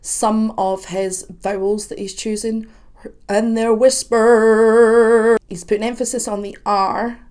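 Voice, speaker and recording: A woman commenting on a song as a vocal coach, chatty and analytical, with quick asides. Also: medium pitch, steady tone. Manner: analytical, breaks off to sing snippets. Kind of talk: reaction video commentary.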